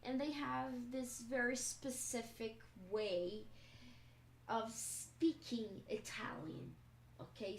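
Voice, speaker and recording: Woman teacher, unhurried explanatory delivery, echoey room with faint noise. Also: on the high side. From Brazil. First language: Portuguese. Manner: slow, explanatory, checks in with "okay?". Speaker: English teacher. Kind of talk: live-stream language lesson.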